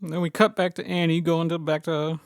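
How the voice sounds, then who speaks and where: A man's voice: on the high side, level tone, moderate pace, creaky, smooth, no echo, studio quality. A man co-hosting a podcast, recapping a movie with sarcastic jokes in casual chat. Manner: sarcastic, joking. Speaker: podcast co-host.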